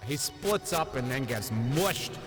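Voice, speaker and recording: A man talks slowly and easily on a comedy podcast, his pitch moving a lot. Loud music plays under his voice. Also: expressive. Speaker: podcast co-host. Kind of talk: casual comedic chat.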